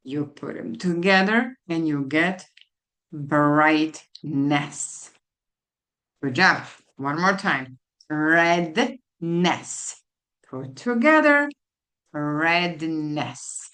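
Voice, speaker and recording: A woman tutor teaching a phonics lesson to children, spelling out letters and repeating each word slowly. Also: low voice, a bit bright. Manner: slow, deliberate, spelling out letters and repeating words. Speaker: literacy tutor.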